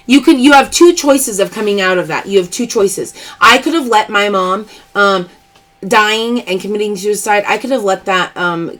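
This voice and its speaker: A woman's voice: medium pitch, a bit bright. Chatty woman hosting a live stream. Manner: chatty and emphatic, open about personal matters. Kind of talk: live stream chat, answering viewer comments.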